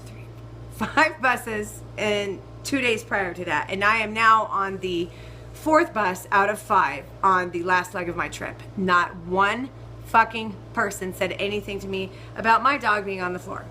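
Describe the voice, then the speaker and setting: A young woman telling a ranting storytime vlog, swearing freely and swinging between loud outbursts and muttered asides. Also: medium pitch, slight background noise, rough recording. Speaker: vlogger.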